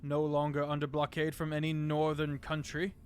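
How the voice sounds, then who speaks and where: Man playing a deliberate council lord. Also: on the high side, completely flat delivery, soft background music, close to an everyday voice. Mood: measured. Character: measured male head of council, lordly.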